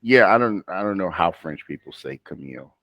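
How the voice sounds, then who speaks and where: An American man tutors a student in spoken English one-on-one, patient and coaching, often stopping himself mid-sentence. His low voice is fairly bright with lively intonation, and he speaks briskly. There's no room sound.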